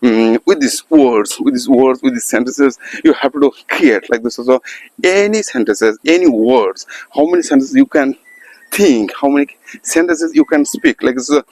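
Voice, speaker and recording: A man talking to viewers in an unscripted practice monologue, halting and searching for words, with many restarts and fillers. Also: medium pitch, a little mellow, poor audio. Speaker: English practice vlogger. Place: outdoors by a road.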